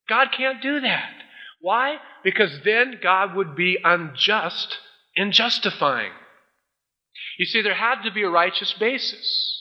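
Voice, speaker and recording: The recording is dull and lo-fi, carrying a pastor's voice that sits high and moves at a moderate pace. He preaches with energy, telling a story and acting out the voices of a judge and a defendant.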